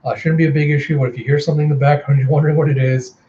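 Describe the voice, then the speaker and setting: A man narrates a comic readthrough in a casual, chatty way, retelling the scenes animatedly. His tone is dark and mellow. The home recording is slightly dull, with a fan humming faintly in the background. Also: on the high side, level tone, very fast, a little hiss or hum. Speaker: comic book reviewer. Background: fan running.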